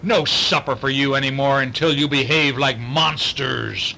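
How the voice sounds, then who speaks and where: A man's voice: medium pitch, fairly even intonation, unhurried, vocal fry, low-quality recording. A man voicing a stern male swamp monster uncle who scolds the young monsters, read aloud from a picture storybook. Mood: scolding. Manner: scolding, shouting at the children.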